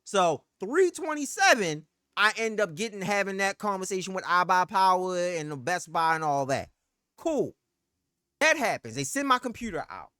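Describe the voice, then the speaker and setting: A woman's voice: mid-range voice, sing-song, normal speed, a bit bright, dry recording, studio quality. A woman telling a heated, profane story about a bad purchase, in casual storytime style. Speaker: streamer telling a personal story.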